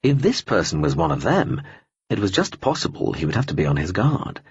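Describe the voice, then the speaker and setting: A man reading a science-fiction audiobook in an expressive storytelling manner, in a dull lo-fi recording. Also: sits low, a little fast, breathy edge, no echo. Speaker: audiobook narrator. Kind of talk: scripted narration.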